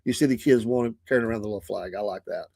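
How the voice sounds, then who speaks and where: A man's voice: on the low side, quick pace, vocal fry, darkish tone, no echo. A man hosting a casual morning talk show, rambling through stories and chuckling often into a close mic in a small studio.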